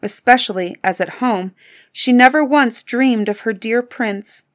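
A woman narrating a classic fairy tale in an even, clear reading style. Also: fairly high pitch, a little slow. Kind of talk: storybook narration.

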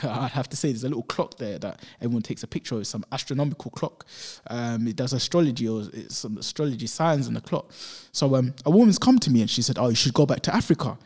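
A man from London telling travel stories in a casual chat, acting out the voices of the people he quotes. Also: mid-range voice. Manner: animated storyteller who acts out quoted voices.

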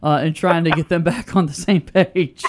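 High-voiced upbeat radio host man. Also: fairly even intonation, background noise. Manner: brisk, upbeat host patter. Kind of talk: sports talk radio hosting.

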